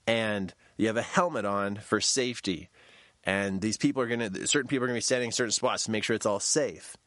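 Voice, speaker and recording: A man telling a personal story in a storytelling talk, shouting quoted lines in a high voice. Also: quick pace, no echo, studio quality.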